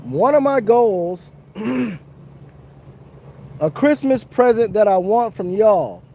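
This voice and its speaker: A man's voice: high voice, animated, slow, vocal fry, warm tone, slight background noise. A man chatting casually and earnestly to viewers on an outdoor fishing livestream. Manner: chatty, repetitive, earnest, chuckling. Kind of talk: casual live-stream chat. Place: outdoors under a tree.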